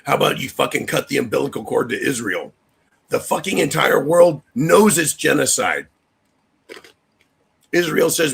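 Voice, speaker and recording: A man with an extremely gravelly, raspy voice delivers a heated, profane political rant on his livestream. His pitch swings widely as he talks straight to viewers in the chat, and the harsh rasp never lets up. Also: lively intonation, normal speed. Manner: addresses chat viewers directly. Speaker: livestream host.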